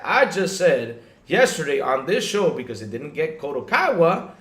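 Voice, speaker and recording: A man hosting a casual gaming podcast stream, animated and talking straight to his viewers, often checking in with "right?". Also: fairly high pitch, normal speed, echoey room. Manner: animated, talks to chat viewers, lots of "right?" and restarts. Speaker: podcast host. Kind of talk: casual livestream podcast chat.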